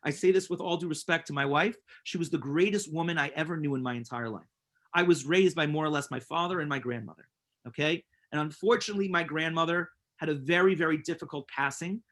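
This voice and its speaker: Speaking fast in a slightly high, fairly bright voice, a man teaches as a rabbi in an inspirational class full of storytelling. He's earnest and emphatic, sharing personal stories and repeating words for stress.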